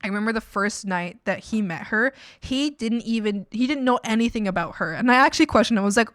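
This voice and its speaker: A woman's voice: fairly high pitch, animated, fast talker, fairly bright tone, no echo, studio quality. A woman in her twenties chatting casually on stream, telling rambling family stories full of fillers and laughter. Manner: rambling, filler-heavy storytelling with frequent laughs. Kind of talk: casual chat.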